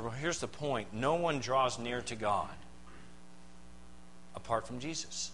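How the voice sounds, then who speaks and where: A pastor delivering a sermon. He preaches emphatically, with dramatic pauses and rhetorical questions. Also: medium pitch, a bit bright, a little hiss or hum, low-quality recording.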